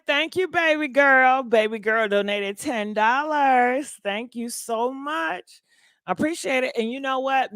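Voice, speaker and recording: A woman's voice: a little high, a bit bright, no room sound. Chatty woman hosting a gossip livestream. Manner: chatty, reads donations and comments aloud. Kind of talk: casual livestream chat.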